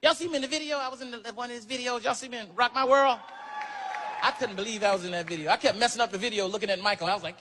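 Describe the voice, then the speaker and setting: A man telling a stand-up story in loud, animated bursts with profanity. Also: very high voice, rapid-fire. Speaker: stand-up comedian. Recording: noisy live recording.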